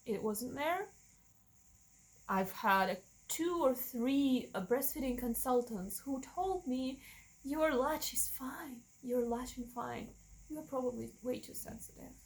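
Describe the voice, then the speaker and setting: A woman's voice: a little high, poor audio. Frank woman telling a personal story. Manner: emotional and frank, with many restarts and self-corrections; acts out other people in quoted asides. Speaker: vlogger sharing a personal story.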